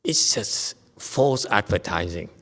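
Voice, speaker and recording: In a temple hall with long, echoing reverb, a Vietnamese Buddhist master delivers a dharma talk, joking and chatting while frequently checking on his audience. His male voice sits fairly low and sounds animated and a bit bright, moving at a slow pace.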